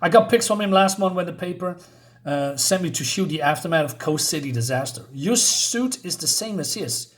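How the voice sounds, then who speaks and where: A man voicing a sharp, doubting young woman photographer from a comic book, in a scolding way. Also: fairly high pitch, expressive, moderate pace, close to an everyday voice. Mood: skeptical.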